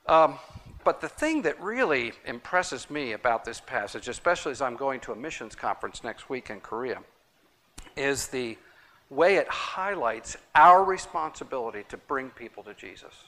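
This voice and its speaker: Male Bible teacher, bright voice, emphatic, repeats for emphasis. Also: mid-range voice, lively intonation, moderate pace. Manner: emphatic, repeats key points. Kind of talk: Bible study teaching with audience.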